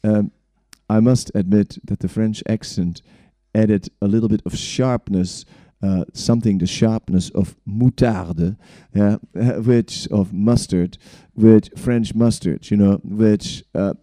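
Very low, dark-voiced man telling stories. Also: steady tone, takes it slowly, hardly any pauses, dry recording, clean studio sound. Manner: rambling, chuckling, sprinkled with "right?" and "um". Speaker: speaker recounting his spiritual journey. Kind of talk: storytelling talk.

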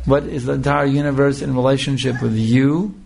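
A man giving a scripture lecture as a spiritual teacher, speaking slowly and emphatically and repeating phrases for emphasis. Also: medium pitch, level tone, creaky, a little mellow, a little hiss or hum.

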